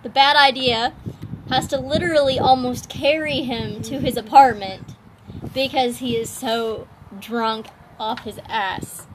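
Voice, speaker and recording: Giggly, high-voiced young woman. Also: measured pace, background noise. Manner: giggly, chimes in with teasing remarks. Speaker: friend in a chat. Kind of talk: casual chat.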